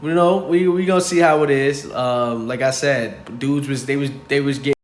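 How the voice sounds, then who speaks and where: Male host giving relaxed, explanatory commentary, recorded in an echoey room. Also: mid-range voice, normal speed. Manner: laid-back, explanatory, uses fillers. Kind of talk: casual commentary. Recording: echoey room with faint noise.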